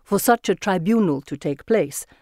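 An audiobook narrator reading a first-person story in a measured, vivid storytelling manner on a close mic. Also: mid-range voice, expressive, darkish tone, dry recording.

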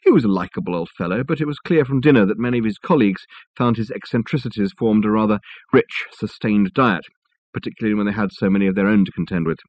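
A male audiobook narrator reads a novel in a measured, wry way. His voice is husky and a little low. He sits close to the mic, and the sound is dry with no room echo. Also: a little mellow.

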